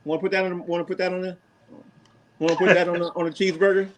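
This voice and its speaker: A man's voice: level tone, rapid-fire, background noise. A man with a Boston accent, co-hosting a casual sports podcast, teasing his partner and laughing often. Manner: teasing, laughs a lot, pitch jumps when mocking. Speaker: podcast co-host.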